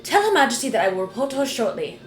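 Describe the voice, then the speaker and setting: A woman's voice: fairly high pitch, very animated, rapid-fire, voice pushed up. A woman voicing a stern, proud woman general, with a commanding delivery and an attempted accent. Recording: roomy, game music behind.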